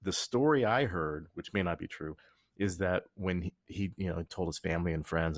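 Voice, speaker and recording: A man's voice: low voice, brisk, dry recording, clean studio sound. A man hosting a podcast in casual chat, rambling and joking as he tells stories, often restarting his sentences. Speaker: podcast host.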